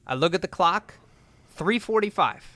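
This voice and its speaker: A young man co-hosting a podcast, telling a story in a lively, casual way with lots of swearing and filler words. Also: high voice, normal speed, no room sound. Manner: animated, swears a lot, says "like" and "dude". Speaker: podcast co-host.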